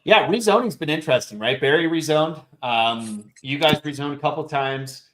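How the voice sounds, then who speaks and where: A man's voice: on the high side, moderate pace, a bit bright, a little hiss or hum. A man hosting a round table discussion on a video call, ranting bluntly and swearing freely. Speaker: show host and real estate investor.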